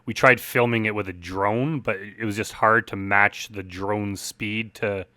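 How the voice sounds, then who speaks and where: A man giving a relaxed, rambling director's commentary on his film, full of fillers like "like" and "uh". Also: lowish voice, unhurried, dry recording.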